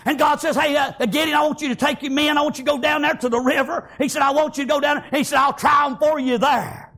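A man preaching a fervent sermon, peppering his words with "praise God" and "amen" and often breaking into shouts. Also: very high voice, steady tone, fast.

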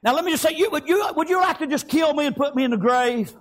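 An older pastor, preaching loudly and punctuating his sermon with frequent amens. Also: very high voice, quick pace.

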